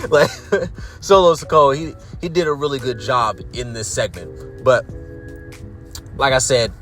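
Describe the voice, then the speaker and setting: A man's voice: on the high side, lively intonation, normal speed, fairly bright tone, soft background music. A man giving a casual ranting recap of a show, sarcastic and profane, repeating words as he gets worked up. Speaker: wrestling commentary YouTuber.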